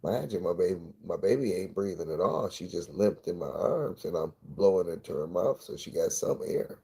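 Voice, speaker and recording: A man livestreaming, telling a personal story in a rambling, profane, intense way with a gravelly voice. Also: low-pitched, animated, moderate pace, warm tone. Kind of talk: emotional storytelling monologue.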